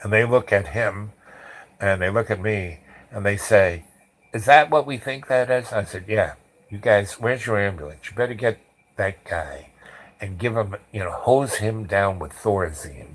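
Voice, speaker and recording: A man in his forties telling a rambling personal anecdote, jumping into loud acted-out quotes. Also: fairly low pitch, measured pace, low-quality recording. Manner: animated storyteller acting out quotes loudly. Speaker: storyteller.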